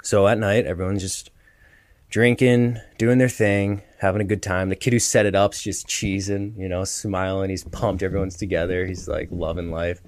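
A man's voice: sits low, little pitch movement, moderate pace, no echo. A young man in his twenties telling stories in a loose, laughing way, full of fillers, during a casual chat. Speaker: podcast co-host, former college hockey player.

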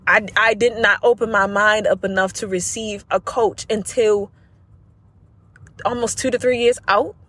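A woman talks straight to her podcast listeners as a business coach, earnest and repetitive, calling them y'all. Her voice sits at a middle pitch with a husky, slightly breathy edge. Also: a bit bright. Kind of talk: casual motivational podcast talk.

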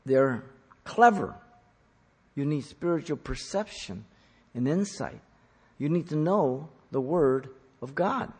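A man preaching a teaching sermon on scripture, stressing key words loudly and then dropping to quiet asides. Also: fairly high pitch, lively intonation, a little slow, slightly rough. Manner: emphatic, swings from loud stresses to quiet asides. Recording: long reverb of a large hall.

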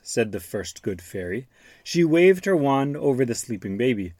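A man hosting a show where he reads a storybook aloud to his young son and stops to explain words gently. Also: mid-range voice, sing-song, normal speed, no room sound. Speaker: father reading to his child, podcast host.

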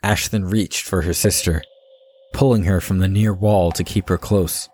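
A man narrating a fantasy audiobook in a measured, even storytelling manner. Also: sits low, husky.

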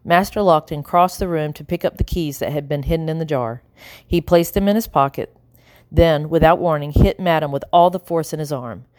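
A woman reading an audiobook in a measured, expressive narrating style. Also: low-pitched, dry recording, clean studio sound. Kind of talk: scripted narration.

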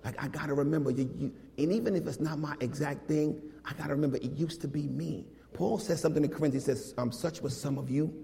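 A man preaching a casual, lively sermon, animated and full of slang, talking to his congregation like old friends. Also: a little high, quick pace, gravelly, few pauses. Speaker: pastor. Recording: long hall reverb.

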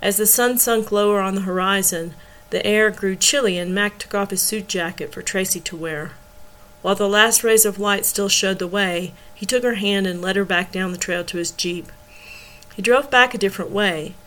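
A woman reading a novel aloud in steady storytelling narration. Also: medium pitch, moderate pace, low-quality recording. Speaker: audiobook reader.

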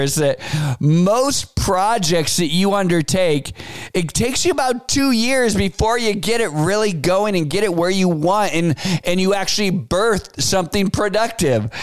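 A man in his forties hosting a business podcast, telling stories in a casual, animated way and acting out the quotes, with frequent fillers. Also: high-pitched, smooth, dry recording. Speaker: podcast host. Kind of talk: casual advice talk.

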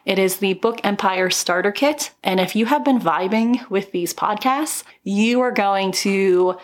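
A woman's voice: mid-range voice, measured pace. A woman hosting a solo motivational podcast, talking in an upbeat, encouraging way with emphatic repetition, recorded at home. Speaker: podcast host.

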